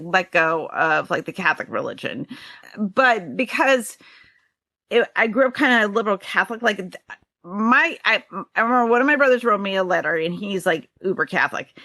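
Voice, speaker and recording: A woman's voice: mid-range voice, pushed and bright, dry recording. A woman in her forties from New Hampshire with a light New England accent, talking casually as a guest on a podcast and laughing easily. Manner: chatty, quotes herself often, laughs easily. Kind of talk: casual interview conversation.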